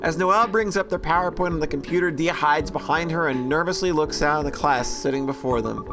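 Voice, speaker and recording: A man's voice: a little high, brisk, few pauses, music in the background. A man reading and commenting on a visual novel in a chatty, joking way. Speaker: let's play host.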